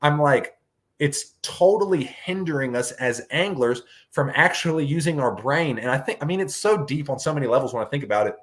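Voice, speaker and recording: A man in his thirties, a fishing guide hosting a casual podcast, talking in an animated, rambling way and saying "dude" a lot. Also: on the high side, fairly quick.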